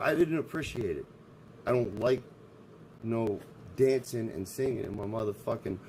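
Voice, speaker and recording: A man's voice: mid-range voice, warm tone, slight background noise, rough recording. A man streaming live, ranting in a profane, abrasive way. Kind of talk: casual livestream rant.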